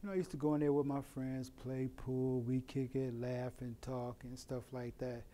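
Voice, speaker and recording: A middle-aged man from Oakland, telling a personal story in a plain, unhurried way with many "you know" asides. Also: mid-range voice, little pitch movement, dark tone. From Oakland, California. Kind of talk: personal story told to camera. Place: in prison.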